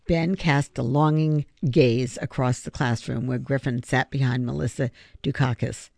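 A narrator reading a children's novel aloud in a steady, measured way. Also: medium pitch, gravelly, dry recording, clean studio sound. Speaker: audiobook narrator. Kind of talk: audiobook narration.

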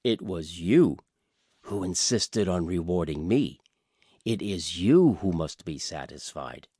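A man voicing a calm, humble old wise man who speaks quietly and gently. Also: sits low, slow, slightly rough, no room sound, clean studio sound, heavily acted.

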